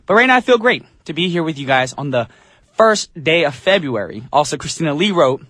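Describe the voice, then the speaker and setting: A man's voice: a little high, very animated, a little fast, fairly bright tone, dry recording, studio quality. Upbeat chatty male radio DJ. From United States. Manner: upbeat, chatty, self-joking. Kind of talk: morning radio show chat. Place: radio studio.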